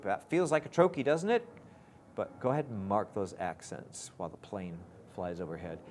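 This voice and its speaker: Male instructor, low and animated, slow deliberate delivery, chants verse to show stress. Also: slight background noise. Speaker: lyric writing teacher. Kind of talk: recorded lesson on scansion.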